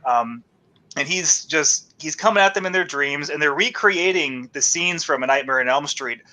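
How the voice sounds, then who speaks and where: A man's voice: on the high side, normal speed, pushed and bright. A man in casual chat, reviewing a cheap horror movie with a co-host, loose and laughing often. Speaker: podcast co-host.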